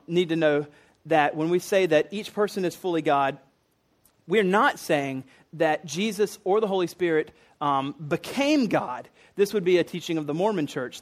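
Higher-voiced man preaching casually. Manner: casual and explanatory, with fillers and restarts. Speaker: pastor teaching a series. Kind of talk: conversational sermon.

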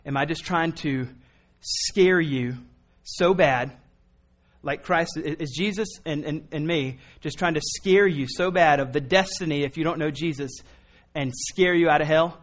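A man preaching a sermon in an earnest, pleading way, moving from quiet reasoning to impassioned appeals. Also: on the high side, unhurried. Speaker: pastor.

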